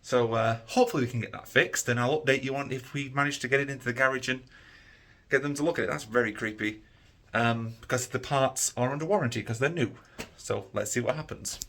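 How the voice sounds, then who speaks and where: A man's voice: mid-range voice, gravelly, a bit bright. A tired man, chatting casually to camera in a rambling, easygoing vlog. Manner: rambling, easygoing, many fillers. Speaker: vlogger.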